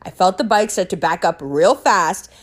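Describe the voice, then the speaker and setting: A woman telling a story in a casual monologue, blunt and animated, swearing freely and laughing often. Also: on the low side, moderate pace.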